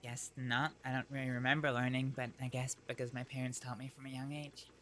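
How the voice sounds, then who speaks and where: A woman voicing a young Faroese woman on the frontier, with a Faroese accent, talking softly and hesitantly with giggles. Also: very deep voice, little pitch movement, fairly quick. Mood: chatty. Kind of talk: western role-play.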